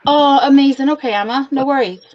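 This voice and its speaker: A woman's voice: high voice, fairly quick, no echo. Chatty woman on a lo-fi call. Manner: chatty storyteller, fillers and restarts. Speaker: guest on a chat stream. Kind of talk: casual group chat. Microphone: video call. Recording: dull lo-fi video call audio.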